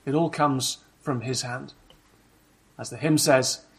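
A man preaching in a church, with a slightly husky, breathy voice at a medium pitch. He explains things patiently and steadily, stopping now and then to put rhetorical questions to his listeners. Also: fairly even intonation, moderate pace. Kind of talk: sermon.

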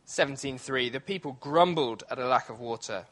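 A man's voice: medium pitch, brisk, fairly bright tone. A man preaching a sermon in a church, talking in a conversational way with many fillers and restarts, now and then acting out grumbling voices.

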